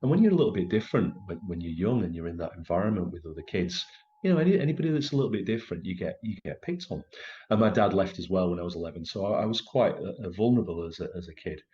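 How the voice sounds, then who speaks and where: A middle-aged man telling a personal story in a conversation, halting and emotional, with many restarts. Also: deep voice, lively intonation, dark tone, dull audio. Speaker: actor telling his story as a guest.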